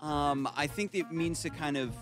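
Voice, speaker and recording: A man's voice: fairly high pitch, moderate pace, music in the background. Friendly guest man guessing. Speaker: caster, quiz guest.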